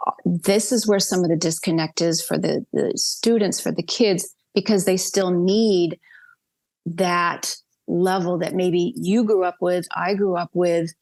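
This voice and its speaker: A woman's voice: fairly low pitch, steady tone, unhurried, creaky, a little mellow. A woman hosting an interview, asking long, rambling questions with hesitant fillers. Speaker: host.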